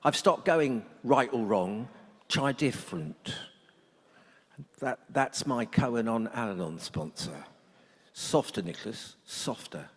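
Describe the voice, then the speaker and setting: Slow and pausing often, a middle-aged man gives an animated, humorous talk to a workshop audience in a medium-pitched voice. He tells stories bluntly and jokingly, recorded with long reverb in a conference hall.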